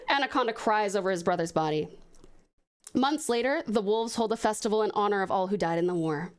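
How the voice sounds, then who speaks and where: A woman from Australia with an Australian accent, an expressive streamer reading viewer stories aloud and chatting effusively. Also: mid-range voice, fairly quick. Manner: expressive, warmly effusive to chat. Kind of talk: dramatic storytelling reading.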